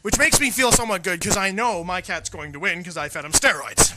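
A man co-hosting a casual radio show, telling crude, animated anecdotes with lots of swearing. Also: high-pitched, fairly quick, heavy background noise. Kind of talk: casual storytelling chat.

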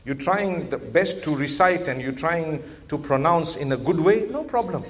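A male preacher addressing a hall full of people, his fairly high voice climbing to emphatic peaks and dropping to quiet, gentle advice. He puts questions to the audience and slips in light jokes between points. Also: moderate pace. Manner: animated, rising to emphatic exhortation, then softening. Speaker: Islamic preacher. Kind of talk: live sermon to an audience. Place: large events hall with live audience.

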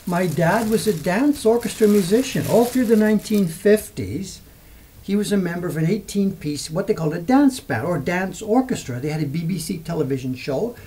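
An older man in his seventies from England chats casually on a livestream, rambling and reminiscing as he answers questions. His voice sits fairly high but sounds mellow and soft-edged. A faint hum of noise runs behind him. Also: lively intonation, moderate pace, rough recording. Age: 70s. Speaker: livestream host. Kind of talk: casual storytelling chat.

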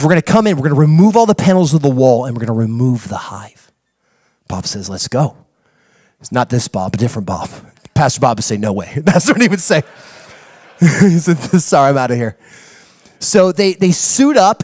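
A man preaching a sermon as a pastor, telling a story with acted-out dialogue and building to excited preaching. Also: mid-range voice, dry recording. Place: church.

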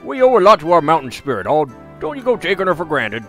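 A man's voice: on the high side, big pitch swings, fast talker, faint music behind, voice pushed up. A man voicing chatty, homespun villagers while reading game dialogue aloud. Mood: folksy. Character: folksy small-town villagers, chatty and homespun.

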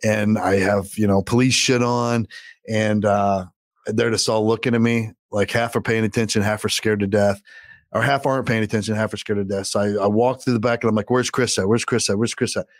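A man's voice: fairly low pitch, steady tone, brisk, no room sound, studio quality. A middle-aged man, a podcast co-host, telling a long story in a casual, profane, rambling way.

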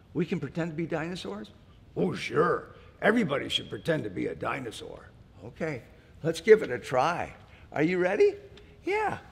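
Guy doing toddler storytime, kinda high voice, long echoey reverb. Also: creaky. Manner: gentle, slow and animated, talking to little children. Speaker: children's librarian storyteller.

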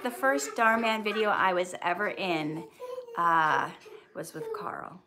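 An actress hosting a casual live stream, reading viewer questions aloud and answering in a chatty, candid way. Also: female voice, on the low side, expressive, slow pace, crowd noise.

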